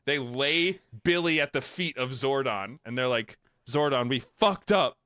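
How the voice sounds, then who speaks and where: A man's voice: medium pitch, unhurried, dry recording, studio quality. A man co-hosting a podcast, casually recapping a film with joking, mocking quotes. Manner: animated, mocking quotes with crude jokes. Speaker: podcast co-host. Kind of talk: casual comedic recap chat.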